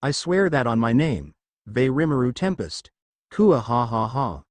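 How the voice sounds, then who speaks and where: A man's voice: big pitch swings, moderate pace, no room sound, close to an everyday voice. A man voicing a boastful male storm dragon in slime form, with a grandiose manner and big laughing boasts. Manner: booming theatrical laugh, grandiose. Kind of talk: fan fiction reading.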